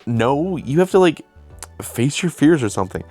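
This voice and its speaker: A man's voice: a little high, sing-song, moderate pace, a little mellow, soft background music. A young man hosting his own channel, telling a casual, rambling, self-deprecating story about making a film. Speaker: video host and filmmaker.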